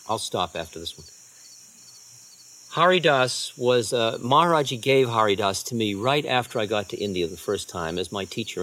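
Relaxed man telling spiritual stories. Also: fairly low pitch. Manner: relaxed, conversational, dropping to quiet asides. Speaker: spiritual teacher. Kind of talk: storytelling talk.

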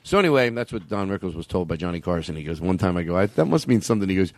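A man's voice: sits low, quick pace, few pauses, no echo. A man in his fifties hosting a comedy show, joking loosely with frequent hesitations. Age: 50s. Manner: animated, jokey, frequent hesitations. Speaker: comedy podcast host.

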